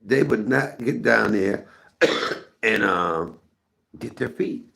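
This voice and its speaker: A man's voice: lowish voice, slow, vocal fry, pushed and bright. A middle-aged man hosting a live stream, telling rambling, candid stories and talking to his chat. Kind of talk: casual storytelling to viewers.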